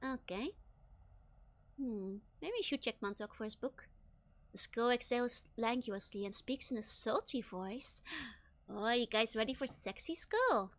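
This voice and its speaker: A woman's voice: fairly high pitch, animated, moderate pace, fairly bright tone, dry recording. A woman streamer giving casual, chatty let's-play commentary and reading chat aloud. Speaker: VTuber streamer.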